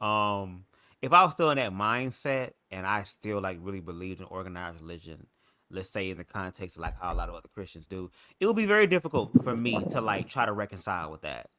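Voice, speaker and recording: A man's voice: low voice, animated, a little fast, pushed and bright, a little hiss or hum. A man on a live panel, answering in a reflective way while searching for his words. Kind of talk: casual panel discussion.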